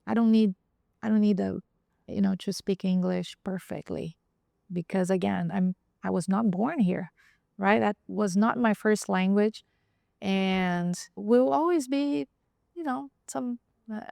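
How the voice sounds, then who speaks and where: A woman's voice: mid-range voice, takes it slowly, vocal fry, darkish tone, no echo. A woman who is a podcast guest, talking reflectively and a little hesitantly in a casual roundtable chat. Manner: reflective, hesitant, with frequent ums.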